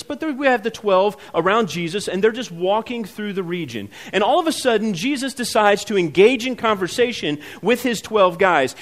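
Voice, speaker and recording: A high-pitched man delivers a sermon in a church sanctuary. He talks to the congregation like a conversation, acts out the people in the scripture, and then presses hard at the key points. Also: a bit bright. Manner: conversational preaching, acts out quoted voices, builds to emphatic peaks. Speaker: pastor.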